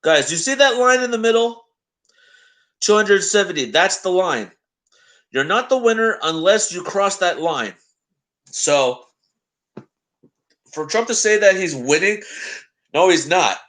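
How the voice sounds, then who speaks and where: A man's voice: high-pitched, expressive, unhurried, pauses often, fairly bright tone. A young man hosting a casual live stream, chatting to his viewers and greeting them by name. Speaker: live-stream host reacting to election coverage.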